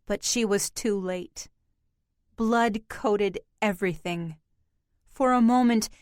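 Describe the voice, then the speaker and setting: A woman narrating an audiobook with measured, even storytelling. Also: mid-range voice, no echo, clean studio sound.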